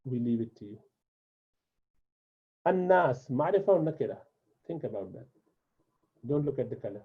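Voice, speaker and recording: An Arabic teacher whose first language is Urdu patiently gives a beginner's classroom lesson, repeating and drilling words one at a time. His mid-range voice is expressive and breathy-edged at a moderate pace. The recording sounds tinny, like a phone.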